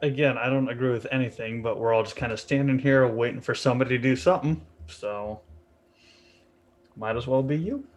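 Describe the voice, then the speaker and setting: A man's voice: mid-range voice, a little fast. A man playing a tabletop game, making dry, wisecracking remarks. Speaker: player. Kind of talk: casual tabletop game talk.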